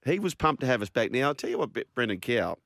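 An Australian man hosting a casual radio show on a studio microphone, chatty and enthusiastic as he runs through shout-outs and phone numbers. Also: medium pitch, very animated, quick pace, no echo. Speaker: radio host.

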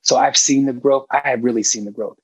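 A man's voice: mid-range voice, steady tone, brisk, creaky, breathy edge, no room sound, rough recording. A middle-aged man talking as a guest film director in a casual interview, emphatic and candid, swearing freely.

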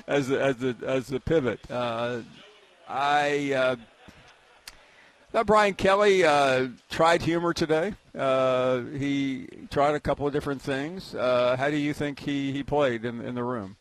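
A man's voice: mid-range voice, a little slow, no room sound. A man interviewing a guest in a casual sports conversation, asking questions in an inquisitive tone.

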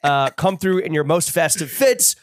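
A man's voice: a little high, expressive, moderate pace, dry recording, clean studio sound. A man co-hosting a podcast in casual banter, joking and teasing. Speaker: podcast co-host.

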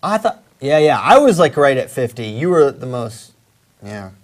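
A man's voice: mid-range voice, sing-song, normal speed. A man hosting a casual sports talk show, opinionated and rambling, with many restarts. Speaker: podcast host.

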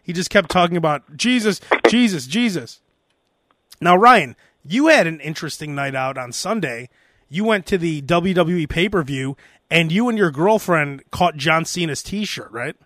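A man with a high, bright voice hosts a loose, joking talk show. He tells stories with lots of energy. The sound is dry and close to the mic. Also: normal speed, dry recording. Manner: animated storyteller, barks out impressions. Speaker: podcast host. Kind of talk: casual comedic chat.

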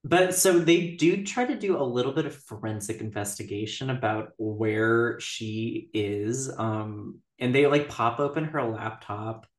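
Recapping a TV episode on a podcast, a woman speaks in a very deep voice at a measured pace with few pauses. Her casual talk is giggly and full of "like" fillers, recorded in an echoey room.

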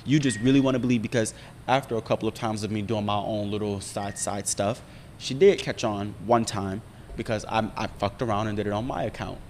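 A young man telling a long personal story in casual chat, profane and animated, often checking in with his listener. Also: lowish voice, moderate pace, in a large hall, a little hiss or hum. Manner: profane, animated storytelling with frequent "you feel me". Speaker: podcast storyteller.

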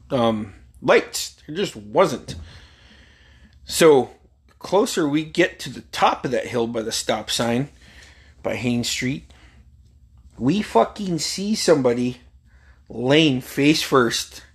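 Profane storytelling man, middle-aged. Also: medium pitch. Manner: profane, rambling, laughs while telling. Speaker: solo podcast host. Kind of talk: casual storytelling monologue.

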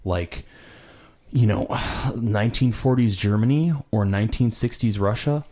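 Mellow, low-voiced man debating. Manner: argumentative, interjecting, quick laugh. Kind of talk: casual debate.

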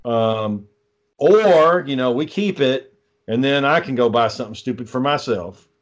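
A young man chats casually and recounts a story with heavy swearing. His delivery is exasperated and ranting, at an ordinary middle pitch. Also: animated, measured pace. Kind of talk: casual chat.

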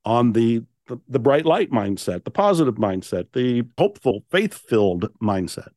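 An older man tells stories on a podcast. His pitch climbs and dips as he acts out his own self-talk and presses on key words. The sound is close and dry. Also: moderate pace, no room sound. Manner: animated, emphatic, quotes his own inner voice. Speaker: podcast guest, author and speaker. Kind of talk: storytelling in a conversational interview.

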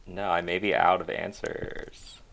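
A man's voice: low voice, flat delivery, unhurried, vocal fry, fairly bright tone. A man co-hosting a podcast, sarcastic and hesitant when stuck on answers. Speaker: podcast co-host. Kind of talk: casual chat.

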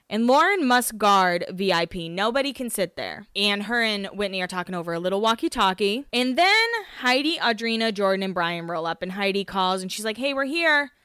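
Woman podcast host, casual rambling chat, smooth clear voice, dry close sound. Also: mid-range voice, lively intonation, a little fast, a bit bright, no room sound. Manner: chatty, rambling, swears and laughs at herself.

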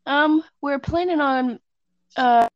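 A woman's voice: sits high, takes it slowly, dry recording. Giggly Southern woman on a dull line. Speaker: guest. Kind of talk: casual interview chat.

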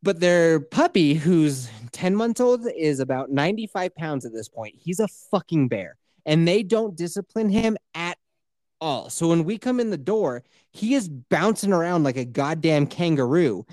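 A man in his thirties co-hosts a podcast, telling a crude story full of swearing and laughter while acting out other people's voices. His voice is a little high and darkish, animated, at a normal speed. The sound is clean studio audio with no room sound.

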